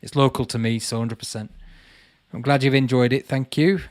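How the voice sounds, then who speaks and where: A man's voice: medium pitch, steady tone, normal speed, no echo, studio quality. A man hosting a casual livestream, reading out viewers' comments and chatting back to them. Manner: chatty, calls viewers mate, reads comments aloud. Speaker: channel host answering live chat.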